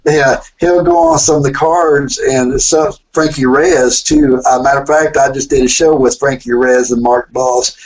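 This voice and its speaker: A man calling in as a guest, a wrestler and promoter, telling stories in a lively, laughing way. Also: mid-range voice, normal speed, hardly any pauses, poor audio. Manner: storytelling, lively, laughs often. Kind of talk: phone-in chat.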